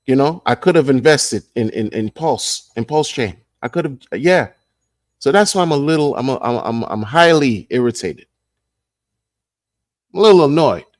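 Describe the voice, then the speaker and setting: A man's voice: mid-range voice, lively intonation, normal speed, no room sound, clean studio sound. A man hosting a casual livestream, rambling and repeating himself as he reads the chat. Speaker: livestream host.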